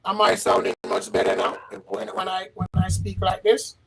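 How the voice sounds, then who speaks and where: A man hosting a livestream who talks in a halting, repetitive way and keeps asking his audience questions. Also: high voice, very animated, creaky, a crowd in the background, low-quality recording. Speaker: livestream host. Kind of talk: casual livestream chat. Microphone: livestream setup.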